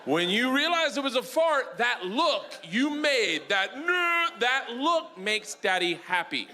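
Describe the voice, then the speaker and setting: Loud animated stand-up comedian, man. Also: very high-pitched, takes it slowly, background noise. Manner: loud, animated storytelling with acted-out voices. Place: live comedy stage.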